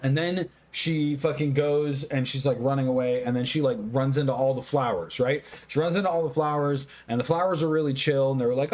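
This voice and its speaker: A man who has been drinking reviews a film in loose, rambling talk. He swears constantly and gets excitable, with a voice of ordinary male pitch. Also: brisk, few pauses. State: tipsy, drinking. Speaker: movie reviewer. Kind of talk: casual drunk movie review.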